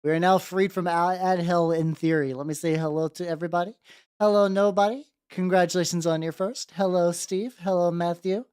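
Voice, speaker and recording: This is a VTuber host chatting loosely on a livestream while painting miniatures. The talk wanders between topics, greets viewers one by one and throws in casual curses, all in a mid-range pitch. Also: steady tone, fairly quick, a little mellow, clear, resonant tone. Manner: rambling, greets chat by name, swears casually.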